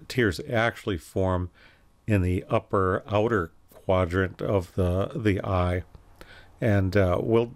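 A man giving a recorded anatomy lecture, calmly explaining and pointing through slides with occasional self-corrections. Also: lowish voice. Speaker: anatomy instructor.

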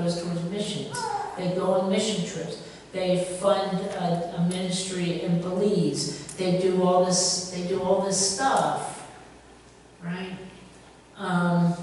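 A woman's voice: medium pitch, slight background noise. Woman pastor preaching in an echoey church. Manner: conversational, animated, asks rhetorical questions. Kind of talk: sermon. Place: church sanctuary. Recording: echoey church hall from far off.

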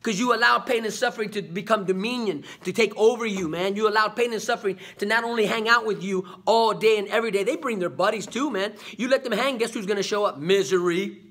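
Vlog host, man, high husky voice, preachy motivational delivery, peppers lines with "man". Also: fast, few pauses, fairly bright tone. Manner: preachy, repeats "man" and "come on"; call-and-response questions. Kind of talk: motivational talk to camera.

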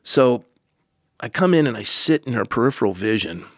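A pastor, telling a personal story as a podcast guest, earnest with joking asides. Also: male voice, medium pitch, expressive, normal speed, no room sound, clean studio sound. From United States.

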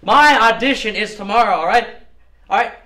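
Guy playing a cocky struggling actor, bright lively voice, echoey room from far off. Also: high voice, fairly quick. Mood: eager. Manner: boastful, mangles French. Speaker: actor in a student film.

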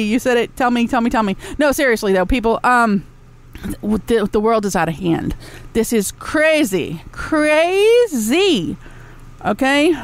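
A high-pitched woman rants on her own podcast, blunt and profane. She throws sarcastic asides to her listeners in the chat room. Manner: talks back to a chat room. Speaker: podcast host. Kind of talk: ranting solo podcast talk.

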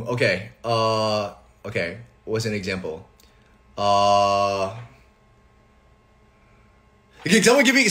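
A man's voice: mid-range voice, sharp tone, breathy edge. A man in his twenties chatting casually and jokingly on a live stream, rambling with lots of fillers and restarts. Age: 20s. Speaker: livestream host. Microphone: phone livestream.

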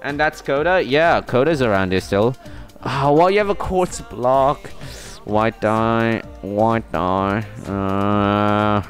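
A man's voice: mid-range voice, big pitch swings, slow. A young man streaming a video game, talking to himself, counting items aloud and chatting to viewers in a casual, scattered way. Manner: mutters to himself, counts aloud, sings along to music. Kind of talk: casual live-stream commentary while playing. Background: faint music.

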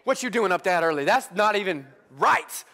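Young male pastor, high voice, animated comic delivery. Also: moderate pace. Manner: animated comic storytelling with congregation call-outs. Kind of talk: humorous sermon. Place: church service with live congregation.

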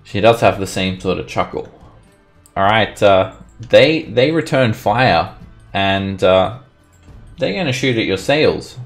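Low-voiced man narrating as game master. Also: slow pace, soft background music. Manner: relaxed, chuckling narration with fillers.

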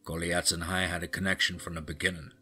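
A man voicing a grim male guide who tracks wolf-like beasts, speaking in a grave, measured way. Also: low-pitched, level tone, pushed and bright, slightly rough, full character voice.

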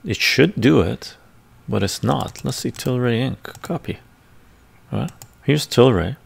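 A man's voice: medium pitch, expressive, slow, creaky, long pauses, husky. A man, the host, talking casually and thinking aloud as he browses stock charts, often muttering to himself. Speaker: finance video host. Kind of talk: casual screen-share commentary. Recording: ASMR-style close mic.

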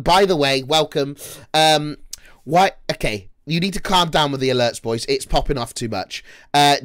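A man's voice: fairly high pitch, fairly bright tone, no echo, clean studio sound. A male livestreamer chatting casually to his viewers, brash, profane and mocking. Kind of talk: casual live-stream chat.

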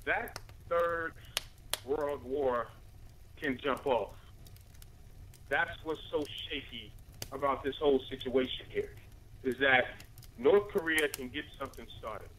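A man's voice: mid-range voice, slow pace, long pauses, fairly bright tone, a little hiss or hum, rough recording. A man giving a rambling spoken commentary to listeners he calls family, full of rhetorical questions and "right?" tags. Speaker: radio commentator.

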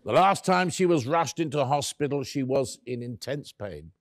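An actor playing an elderly author, wry and tender. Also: male voice, medium pitch, lively intonation, moderate pace, no room sound, clean studio sound, lightly acted. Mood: tender recollection. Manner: wry, tender, acts out both sides of the dialogue. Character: elderly male author recalling his late love. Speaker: actor in a one-man stage play. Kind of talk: theatrical first-person storytelling.

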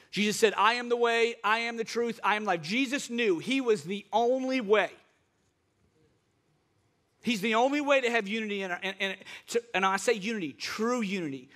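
A man with a high voice preaches a sermon, driving his points home through repeated phrases. His delivery is fervent and keyed up, climbing in intensity as he presses on. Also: a bit bright. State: excited, wound up. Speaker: pastor.

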